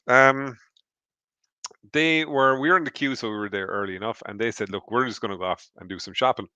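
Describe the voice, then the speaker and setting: A man's voice: on the low side, bright, forceful tone, smooth, no room sound, lo-fi sound. A man with an Irish accent, a podcast co-host telling a rambling, anecdotal story in casual chat from home. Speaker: podcast co-host on a charity stream.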